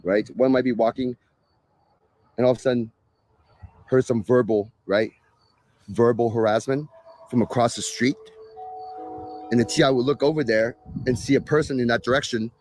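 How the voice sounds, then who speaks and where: A man's voice: mid-range voice, fairly even intonation, moderate pace, pauses often, darkish tone, a little hiss or hum. A man hosting a live stream, talking casually to viewers in a sarcastic, exasperated rant. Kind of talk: ranting casual talk to viewers.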